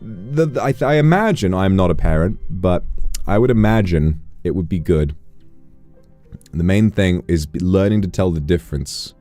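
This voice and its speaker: Low, lively man streaming. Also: normal speed, soft background music. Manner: playful, teasing, animated storyteller. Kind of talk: casual livestream chat.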